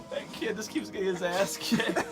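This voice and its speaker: Laughing, exasperated man reviewing a film. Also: sits high. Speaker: movie reviewer. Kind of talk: casual chat while watching a film. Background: film soundtrack playing.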